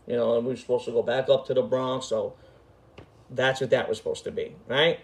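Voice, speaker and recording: A middle-aged man hosting a storytelling show tells a casual tale in an emphatic, profane, street-talking style. His voice is medium-pitched, brisk, and flat in delivery.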